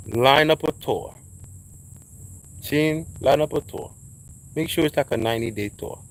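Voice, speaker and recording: A man, talking in a casual monologue, preachy and emphatic, dropping into low asides. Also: measured pace, low-quality recording. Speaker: vlogger giving advice.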